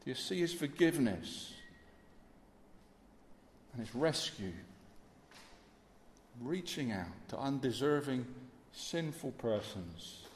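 A man's voice: medium pitch, animated, takes it slowly, long pauses, echoey room, in a large hall, slight background noise. A male preacher giving an earnest sermon in a church, dwelling on repeated phrases.

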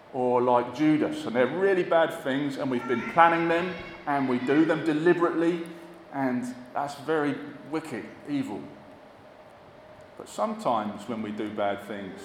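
A man leads prayer and talks to children in a church at an ordinary mid pitch. His measured phrases fade softly at their ends. The hall carries a long, roomy reverb over a faint bed of ambient noise. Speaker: minister.

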